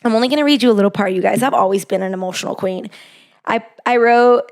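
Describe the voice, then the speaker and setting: A woman's voice: fairly high pitch, fast, a little mellow. Chatty young woman podcast host. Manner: chatty, heartfelt, lots of "like" and "you know". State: gets emotional. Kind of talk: casual personal storytelling.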